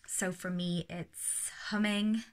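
A woman giving casual parenting advice, calm and steady, sometimes slipping into a soothing sing-song. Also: on the low side, takes it slowly. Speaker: parenting educator.

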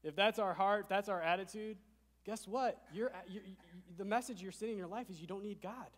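Male pastor, slightly high voice, emphatic, shifts from soft to loud; sermon in a church hall with long reverb. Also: brisk. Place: church sanctuary.

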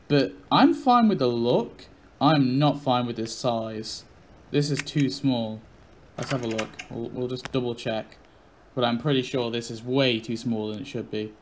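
A young man hosting a gaming channel, giving casual, opinionated commentary with quick reactions. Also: mid-range voice, a little hiss or hum.

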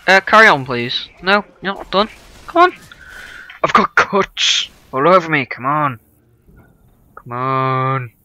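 A man's voice: on the high side, slow, long pauses, pushed and bright. A man giving sarcastic, exclaiming commentary while playing a video game. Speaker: gaming video host. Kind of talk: let's play commentary.

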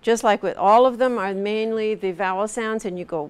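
Speaking at a normal speed with fairly even intonation, this middle-aged woman has a smooth, mid-range voice. She is giving classroom instruction in pronunciation, patiently modeling and repeating sounds for her students.

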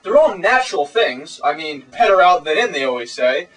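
Teen guy, high voice that swings around a lot, preachy fake-serious, far from the mic. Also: big pitch swings, normal speed, a bit bright. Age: teenage. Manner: pompous, preachy mock authority. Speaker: co-host of a comedy web show. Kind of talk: mock-serious comedy sketch. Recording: voice distant from camera mic.

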